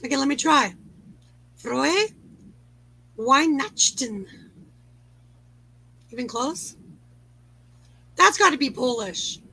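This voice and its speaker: A woman's voice: high voice, expressive, moderate pace, creaky, pauses often, bright, forceful tone, husky, rough recording. A woman hosting a casual livestream chat, playful and self-mocking, laughing at her own mispronunciations. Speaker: livestream host.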